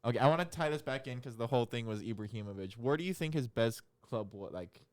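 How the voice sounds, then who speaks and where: A man's voice: mid-range voice, expressive, quick pace. Chatty man steering a podcast chat. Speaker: podcast co-host. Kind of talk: casual chat.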